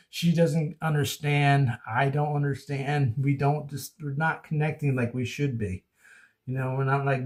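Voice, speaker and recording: A man vlogging into his phone, rambling casually in a goofy way and laughing often. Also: medium pitch. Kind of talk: casual rambling monologue to camera.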